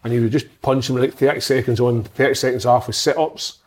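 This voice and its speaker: Fast-talking ex-footballer, swearing. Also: male voice, mid-range voice, steady tone. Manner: profane, rambling anecdotes with restarts. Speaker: former footballer guest. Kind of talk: casual podcast storytelling.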